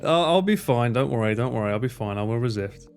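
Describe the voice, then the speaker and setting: A man chatting casually on his livestream, rambling, joking and swearing freely with quick asides. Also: medium pitch, animated, over music. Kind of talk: casual chat reading stream chat.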